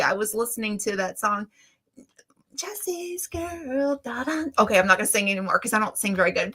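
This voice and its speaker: Bright-voiced chatty woman streamer. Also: fairly high pitch. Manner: chatty, greets viewers by name. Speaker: livestream host. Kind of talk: casual live chat.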